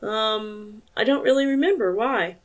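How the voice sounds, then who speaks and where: A woman reading a caring young wife and mother in an audiobook, gentle and careful. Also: fairly high pitch, a little slow, natural voice.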